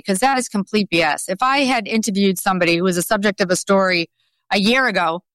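Emphatic Boston woman, smooth voice. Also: medium pitch, a bit bright, no room sound. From Boston, USA. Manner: emphatic, skeptical, conversational with fillers. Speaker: guest journalist. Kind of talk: podcast interview.

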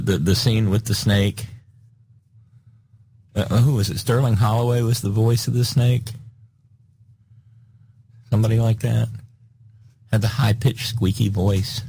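A man hosts a talk show, offering casual, sardonic political commentary and reading listener messages as he rambles, often restarting with fillers. His voice is on the low side, darkish, with a breathy edge.

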